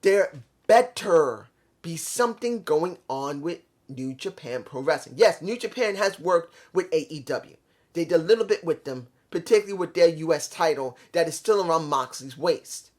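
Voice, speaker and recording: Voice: mid-range voice, lively intonation, moderate pace. A wrestling show reviewer talking alone in a casual rant, frustrated, rambling, repeating rhetorical questions, now and then swearing and correcting slips.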